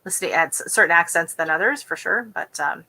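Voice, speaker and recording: A woman's voice: on the low side, fairly quick, creaky, bright, forceful tone. A tired woman hosting a gardening live stream, chatting in a rambling, casual way. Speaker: gardening channel host.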